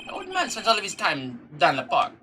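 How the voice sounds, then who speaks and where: A woman's voice: mid-range voice, huge pitch swings, brisk, background noise, voice pushed up. A woman voicing a flamboyant French male chef with a put-on French accent, speaking theatrically. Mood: grandiose.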